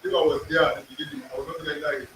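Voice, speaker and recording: A man's voice: fairly high pitch, steady tone, rapid-fire, fairly bright tone, slight background noise. A man teaching an in-person language class, drilling pronunciation, repeating words and quizzing his students. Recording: echoey room, far from the mic.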